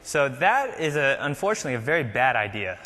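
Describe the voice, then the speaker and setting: Bright-voiced man demoing code. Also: medium pitch, sing-song, brisk, long reverb tail. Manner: casual, explains while typing, frequent fillers. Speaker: conference presenter. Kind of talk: live coding demo talk.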